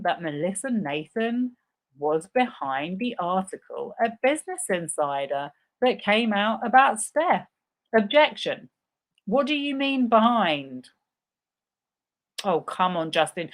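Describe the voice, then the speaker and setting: A woman live-streaming a reading of a legal deposition, voicing the questions and answers herself and breaking in with sarcastic asides. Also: mid-range voice. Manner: reads several parts in turn, interjects sarcastic asides. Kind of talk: live dramatic reading with commentary.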